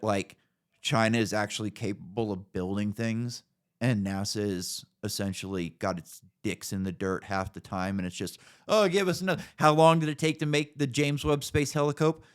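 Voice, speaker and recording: A man's voice: on the low side, smooth. Ranting, profane man in his thirties. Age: 30s. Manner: profane, ranting, mocking voices in quotes. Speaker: podcast co-host. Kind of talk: casual podcast banter.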